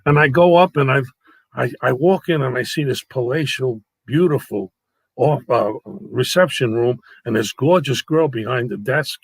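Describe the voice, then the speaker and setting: A man's voice: medium pitch, moderate pace, slightly rough, dry recording, rough recording. A man, a guest entertainer telling brash, comic show-business stories with salty language over a video call. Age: 80s. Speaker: guest, actor and nightclub entertainer. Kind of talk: anecdotal storytelling.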